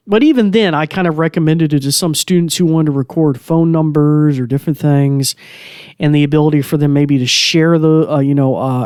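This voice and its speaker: Casual male podcast host, rather high voice, dry studio sound, chatty with fillers. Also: a little mellow, dry recording. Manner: chatty, loose, many fillers. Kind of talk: casual tech tutorial. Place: small home studio.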